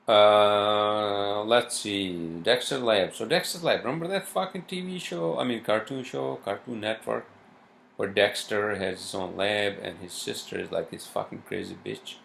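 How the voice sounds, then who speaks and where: A man's voice: lowish voice, moderate pace, vocal fry, a bit bright, slight background noise. A man ranting in a solo vlog, worked up and swearing constantly, with many fillers and restarts. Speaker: vlogger. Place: New York home.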